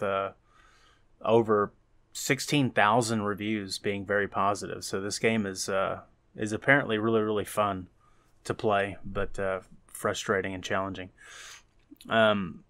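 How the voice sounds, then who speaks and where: A man's voice: on the low side, fairly bright tone, no room sound. A man hosting a casual first-impressions video on a game, sarcastic, swearing casually, with plenty of fillers. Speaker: gaming channel host.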